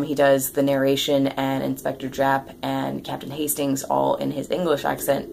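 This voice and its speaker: A woman's voice: rumbling low, gravelly. A woman giving a casual, rambling book wrap-up, full of ums and restarts. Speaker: book vlogger.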